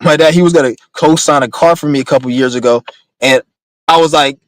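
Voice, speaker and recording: Young guy ranting fast, swearing a lot, kinda rambly, dry close sound. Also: a little high, dry recording, poor audio. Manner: profane, rambling, blunt. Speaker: vlogger. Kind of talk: casual rant.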